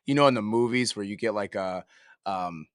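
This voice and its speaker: A man's voice: on the low side, moderate pace, no room sound, studio quality. A man hosting a podcast, reflecting on what he heard and thinking aloud with many fillers. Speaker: podcast host. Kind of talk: casual podcast chat.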